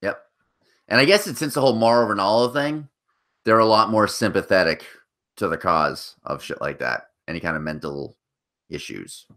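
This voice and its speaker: Bright-voiced man swapping wrestling rumors. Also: lowish voice, moderate pace. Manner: profane, rumor-sharing banter. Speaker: podcast co-host. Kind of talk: casual chat.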